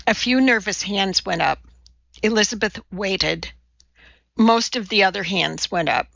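A woman narrating a novel in a measured, dry manner. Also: mid-range voice, creaky, fairly bright tone, no echo, muffled recording. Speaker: audiobook narrator. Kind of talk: audiobook narration.

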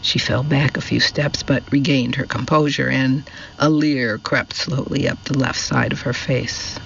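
Slow gravelly male audiobook narrator. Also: mid-range voice, steady tone, a bit bright, lo-fi sound, slight background noise. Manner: slow, measured storytelling.

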